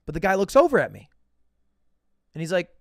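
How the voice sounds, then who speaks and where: A man's voice: sits high, big pitch swings, brisk, gravelly, no room sound, clean studio sound. A man telling a casual, profane, self-mocking story as a podcast host.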